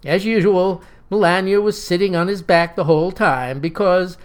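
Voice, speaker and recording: A man narrating a satirical story in a wry, deadpan, mock-heroic tone. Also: high-pitched, normal speed, clear, resonant tone. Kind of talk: satirical storytelling with voiced dialogue.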